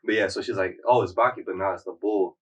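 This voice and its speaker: A man's voice: sits low, fairly even intonation, fast talker, husky, recorded from a distance, lo-fi sound. A man hosting a podcast, casually retelling a story in a slangy, rambling way with lots of "like.". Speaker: podcast host.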